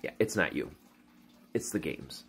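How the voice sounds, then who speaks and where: A man ranting casually to camera about games, animated and exasperated, often restarting his sentences. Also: extremely low pitch, a little slow, husky. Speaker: gaming YouTuber.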